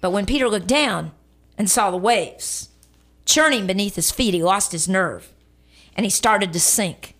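A woman's voice: medium pitch, measured pace, fairly bright tone. A middle-aged woman preaching a radio sermon, telling a story and repeating lines for emphasis, calling on listeners to respond.

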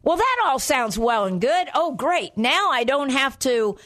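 A woman's voice: high-pitched, big pitch swings, measured pace, a bit bright. A woman preaching a sermon in an earnest way, often repeating phrases for emphasis.

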